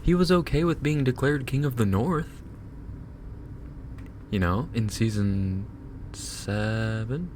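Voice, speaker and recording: Guy streamer ranting slowly into a binaural mic, fed up and swearing, faint hiss behind. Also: mid-range voice. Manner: animated, exasperated ranting with laughs and profanity. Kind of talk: casual ranting chat. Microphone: binaural dummy-head mic.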